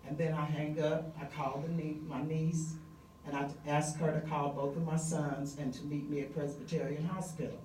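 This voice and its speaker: A woman's voice: deep voice, level tone, mellow, roomy sound, far from the mic, a little hiss or hum, low-quality recording. Middle-aged woman telling a story onstage. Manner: vivid, conversational, emphatic retelling with pauses and fillers. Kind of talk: live personal storytelling on stage.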